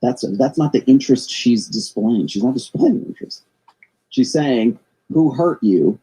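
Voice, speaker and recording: A man's voice: mid-range voice, moderate pace, mellow, slightly rough, poor audio. A middle-aged man hosting his own show, talking in a rambling monologue that often repeats and restarts words. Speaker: show host. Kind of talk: casual monologue commentary.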